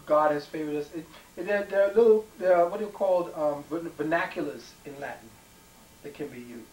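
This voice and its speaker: A man's voice: on the high side, fairly quick, darkish tone. A man giving a rambling conspiracy talk, emphatic, with frequent ums and repeated words. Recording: echoey room, mic far off, faint noise.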